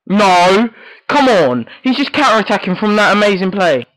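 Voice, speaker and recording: A man giving excitable live commentary on his own football video game match, yelling reactions at every play. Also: sits high, normal speed, no room sound, rough recording. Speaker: gaming YouTuber.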